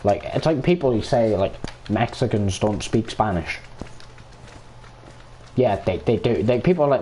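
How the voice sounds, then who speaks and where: A man's voice: fairly low pitch, expressive, measured pace, long pauses, a little mellow, a little hiss or hum. An Irish man streaming a game, ranting in casual chat and swearing freely as he plays. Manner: profane, ranting, talks over gameplay.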